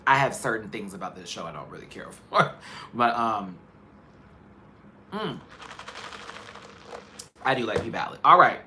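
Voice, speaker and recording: A man hosting a live show, giving sassy, animated, candid commentary in a casual chat. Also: lowish voice, a little slow, pauses often, slight background noise. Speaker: host.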